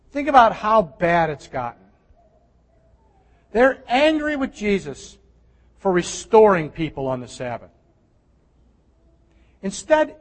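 A man preaching a sermon with emphatic, animated delivery that swings from loud stresses to hushed asides. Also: sits high. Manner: animated, emphatic preaching with sudden drops to near-whisper. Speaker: pastor. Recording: long hall reverb.

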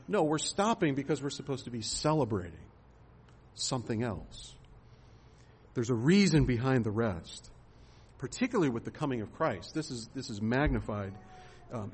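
A pastor preaches in a slightly husky, mid-pitched, unhurried voice that is a little mellow. His sermon is conversational, with rhetorical questions and the occasional filler word.

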